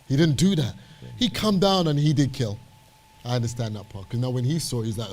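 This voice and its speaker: A man's voice: medium pitch, a little fast, darkish tone. A British man serving as a church elder, preaching with passion and repeating phrases for emphasis. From Britain.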